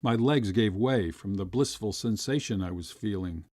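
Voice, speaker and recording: A man reading a classic short story aloud as an audiobook narrator, with expressive storytelling. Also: moderate pace, dry recording, clean studio sound. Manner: expressive storytelling, rising high for quoted voices.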